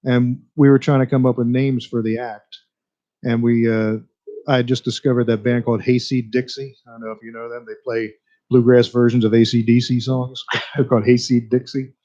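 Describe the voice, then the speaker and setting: Mellow-voiced male musician guest. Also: mid-range voice, little pitch movement, normal speed. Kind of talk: casual radio interview. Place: radio studio. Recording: dull lo-fi radio broadcast.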